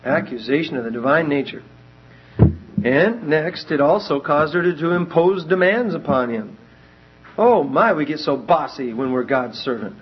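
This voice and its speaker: Animated husky male preacher, lo-fi. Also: on the high side, normal speed. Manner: animated, acts out quoted voices. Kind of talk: sermon. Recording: dull lo-fi recording.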